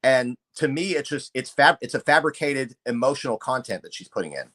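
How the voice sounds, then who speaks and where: Expressive and fairly bright in tone, a middle-aged true-crime podcast co-host speaks at a typical middle pitch, working through his opinions carefully and deliberately.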